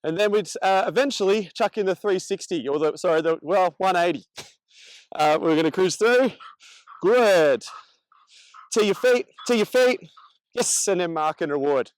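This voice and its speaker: A man's voice: high-pitched, normal speed, dry recording, low-quality recording. A man teaching dog training as he demonstrates, coaching and praising the dog between explanations. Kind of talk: instructional demonstration.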